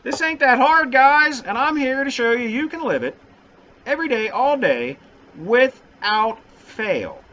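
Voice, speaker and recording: A man's voice: very high-pitched, expressive, a little slow, pushed and bright, pitched above the performer's own voice, full character voice. A man putting on a cheerful encouraging teacher. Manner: cheerful, reassuring, folksy. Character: upbeat encouraging male spiritual teacher. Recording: dull lo-fi sound.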